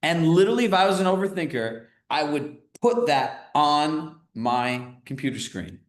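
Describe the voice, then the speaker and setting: A man coaching a group live on a video call, talking in a casual, energetic way and often checking in with "right?". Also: a little high, moderate pace, roomy sound. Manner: energetic, conversational, filler-heavy with frequent "right?". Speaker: real estate business coach.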